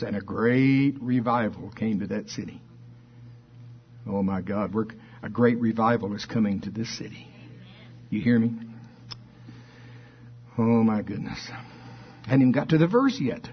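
A man's voice: on the low side, a little slow, long pauses, muffled recording, a little hiss or hum. A man preaching a fervent sermon, reading scripture aloud and firing questions at his listeners. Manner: fervent, emphatic preaching with call-and-response questions.

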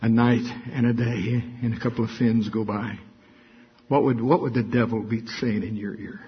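A man preaching a sermon in a lively way, acting out quotes and stories as he goes. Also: mid-range voice, moderate pace, breathy edge, lo-fi sound. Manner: lively preaching, acts out quotes and hums a tune. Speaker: pastor.

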